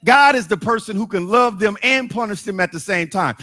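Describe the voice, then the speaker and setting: A middle-aged pastor preaches at a brisk clip, his high, bright voice dropping into hushed asides before rising into sung and shouted lines.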